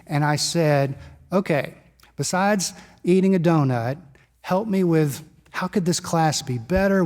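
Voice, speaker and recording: A man preaching a sermon as pastor, telling stories in a conversational, lively way. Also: fairly high pitch. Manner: storytelling, conversational and animated. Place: church sanctuary. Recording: long church reverb.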